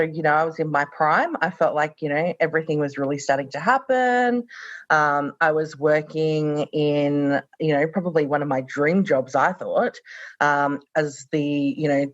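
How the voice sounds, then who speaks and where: A woman's voice: sits low, moderate pace, no room sound. Australian-raised woman in her thirties, reflective interview guest, dull dry audio. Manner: reflective, many fillers. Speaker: podcast guest. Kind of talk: conversational podcast interview.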